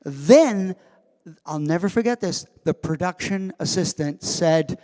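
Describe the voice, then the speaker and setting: A man telling an anecdote to a live convention audience as guest of honor, acting out the quoted lines with animated delivery. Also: high-pitched, slow. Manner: animated storyteller who acts out quoted lines. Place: convention hall. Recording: long reverb of a large hall.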